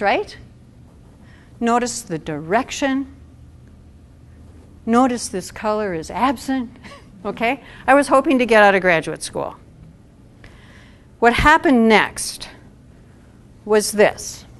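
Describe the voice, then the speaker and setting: A woman's voice: on the high side, a bit bright. A middle-aged woman giving a talk to an audience at a support event, conversational and asking the room questions.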